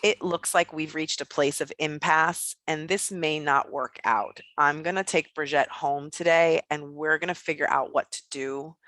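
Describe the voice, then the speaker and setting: A woman putting on a calm, resolute middle-aged father. He speaks slowly and evenly, in a lowered, quiet voice. The tone is bright and the sound is dry. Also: dry recording. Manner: calm, measured.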